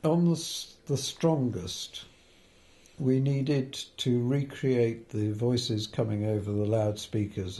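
A man's voice: fairly low pitch, warm tone, slight background noise. An older man, a film editor, telling anecdotes in an interview, hesitant with fillers and restarts and the odd chuckle.

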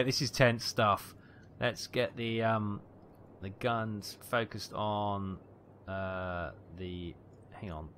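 A man giving tense, excitable live commentary on a naval battle game, calling out ranges and fire orders. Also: lowish voice, drawn-out words, a little hiss or hum. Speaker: gameplay commentator.

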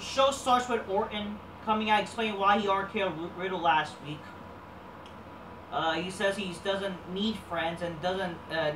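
A woman hosting a wrestling review show, ranting casually with lots of swearing and rambling fillers. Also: on the low side. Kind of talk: casual profane rant. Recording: roomy, distant mic, faint background noise.

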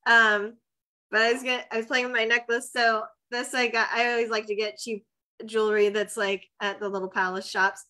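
A woman's voice: a little high, level tone, fairly quick, bright, forceful tone. A woman from the United States co-hosting a casual chat, talking loosely and laughing often. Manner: chatty, laughs often, trails off with "like". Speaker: podcast co-host.

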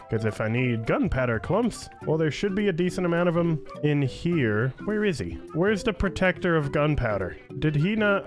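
Lively playful gaming YouTuber, a man. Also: high-pitched. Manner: playful, teasing the game's creatures. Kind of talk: let's play commentary. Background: game music.

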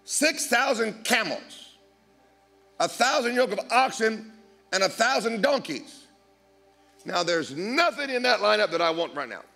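A middle-aged man preaches with a fairly high, very lively voice that swings up and down as he acts out conversations and cracks jokes. Faint music hums underneath. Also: a little slow, vocal fry. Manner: animated, jokey, acts out dialogue with big pitch swings. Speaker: guest preacher. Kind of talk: storytelling sermon.

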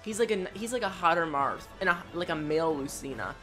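A woman reacting to a game trailer as a YouTuber, gushing and excitable, with loud exclamations and jokey asides. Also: on the low side, brisk, faint music behind.

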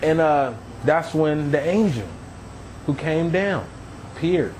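A man telling his own near-death story as a testimony, earnest and animated, acting out what others said. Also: on the high side, takes it slowly, slight background noise, poor audio. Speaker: testimony speaker. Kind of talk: personal testimony.

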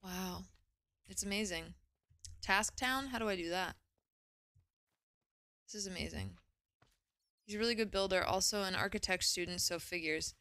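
A young woman streaming a game, chatting casually and gushing with excitement, often exclaiming and swearing. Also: mid-range voice, moderate pace, pauses often, no echo, studio quality. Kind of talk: casual live gaming commentary.

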